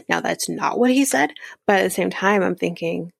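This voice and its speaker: A woman's voice: on the low side, normal speed, creaky, breathy edge, no echo, clean studio sound. A woman hosting a podcast, recapping a reality show in a chatty, rambling way with lots of fillers. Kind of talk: casual recap chat.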